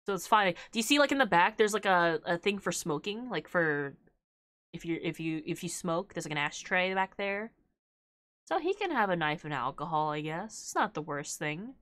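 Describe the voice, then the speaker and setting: A woman's voice: lowish voice, expressive, normal speed, a bit bright, dry recording. A young woman streaming a game, chatting casually with viewers, laughing often between filler-heavy remarks. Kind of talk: casual live-stream chat while gaming.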